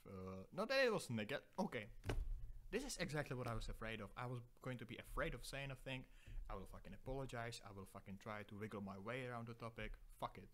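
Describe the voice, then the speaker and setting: A man's voice: mid-range voice, lively intonation, quick pace, fairly bright tone. A young man hosting a solo podcast, rambling through profane, self-deprecating digressions. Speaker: podcast host.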